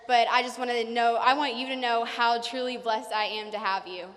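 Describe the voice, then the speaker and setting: Young woman, nervous graduation speaker, high and bright, long hall echo. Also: steady tone, a little hiss or hum. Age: young adult. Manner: nervous, fast, many fillers. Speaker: salutatorian giving a graduation speech. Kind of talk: graduation speech. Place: large hall. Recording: reverberant hall.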